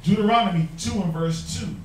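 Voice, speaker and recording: A man's voice: high voice, brisk, a little mellow. A man teaching a Bible class, preaching emphatically with rhetorical questions and mocking quotes. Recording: echoey room, mic far off.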